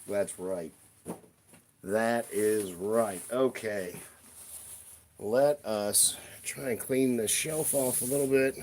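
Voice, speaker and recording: A man's voice: lowish voice, slow pace, darkish tone, slight background noise. A man hosting a casual live stream, chatting playfully with his viewers while he cleans a shelf at home. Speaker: livestream host. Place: room at home by a toy shelf.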